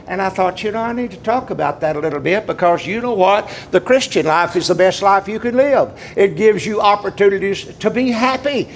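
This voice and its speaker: An older man preaching a sermon in a folksy storytelling way, pausing with drawn-out fillers. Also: high-pitched, gravelly, slight background noise.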